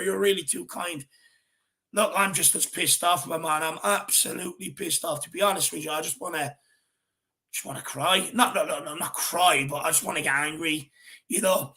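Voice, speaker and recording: A man's voice: fairly high pitch, bright, forceful tone. A man with an Irish accent hosting a football fan show, talking casually and energetically, calling people "my man" and "brother.".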